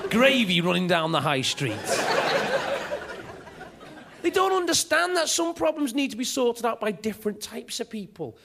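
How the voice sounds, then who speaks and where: A man's voice: very high voice, normal speed, creaky, long pauses, a little hiss or hum. A man doing a stand-up comedy set, telling stories with energy. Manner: energetic, animated storytelling.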